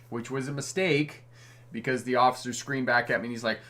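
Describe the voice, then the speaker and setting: A middle-aged man from Canada hosts a driving lesson live stream, reading out viewers' comments one by one. His manner is friendly and chatty, with frequent chuckles between answers. His voice sits at an ordinary pitch for a man. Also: steady tone, fairly quick, fairly bright tone. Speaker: driving instructor and livestream host.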